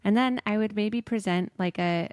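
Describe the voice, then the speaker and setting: A woman's voice: mid-range voice, moderate pace, darkish tone, smooth, dry recording, clean studio sound. A woman coach talking casually as a podcast guest, chatty and full of "like" fillers.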